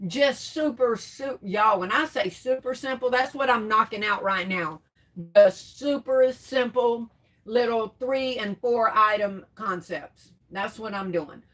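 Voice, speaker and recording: A woman's voice: a little high, a little slow. A middle-aged woman hosting a casual crafts livestream, reading out comments and answering them with terms of endearment. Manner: warm terms of endearment, chatty, laughs often.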